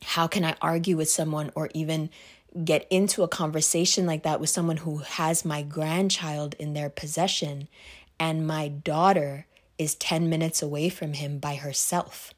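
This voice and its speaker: Woman putting on a worried older dad, low and hushed, defensive pleading questions. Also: steady tone, moderate pace. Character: worried older father, calm but defensive.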